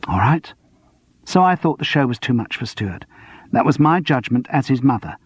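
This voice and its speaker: In a storybook reading, a man voices a flustered, defensive middle-aged woman who runs a theatre box office, pitching his medium voice above his natural one. He's very animated and slightly rough at a moderate pace, sounding anxious and sarcastic. The audiobook recording is dry, dull, and lo-fi.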